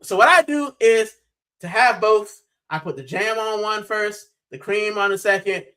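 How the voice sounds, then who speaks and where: A man's voice: sits high, unhurried, bright, forceful tone, poor audio. A man from Puerto Rico hosting a football channel's live stream, chatting casually and animatedly, with plenty of "bro".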